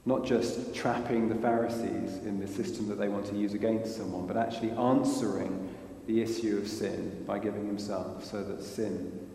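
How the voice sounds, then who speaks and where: A man's voice: on the low side, fairly even intonation, normal speed, vocal fry, mellow, slight background noise. A man preaching a sermon in an earnest way, asking rhetorical questions of his listeners. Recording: echoey hall.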